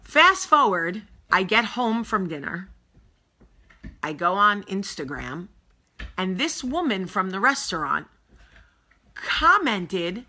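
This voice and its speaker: A middle-aged woman hosting a casual vlog, telling a story in a blunt, animated, sassy way. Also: medium pitch, slow, pauses often. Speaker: host.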